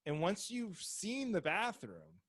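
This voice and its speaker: A comedian and podcast co-host telling a rambling, self-deprecating story in casual chat. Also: male voice, sits high, huge pitch swings, takes it slowly, a bit bright, no echo. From Seattle area.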